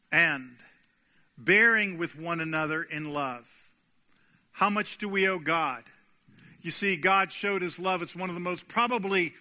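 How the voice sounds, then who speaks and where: Bright, high-voiced preaching pastor. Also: male voice. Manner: preaching with rhetorical questions and emphatic repetition. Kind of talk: sermon.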